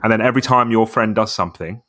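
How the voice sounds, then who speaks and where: Chatty man, low dry voice. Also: fast talker, a bit bright, no echo. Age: 30s. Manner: chatty, rambling, says "bro" a lot. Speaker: podcast co-host. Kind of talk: casual chat.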